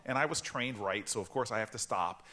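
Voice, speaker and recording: A man in his forties telling a story to a live audience at a book event, animated and acting out the voices he quotes. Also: lowish voice, brisk. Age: 40s. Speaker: author speaking at a book event.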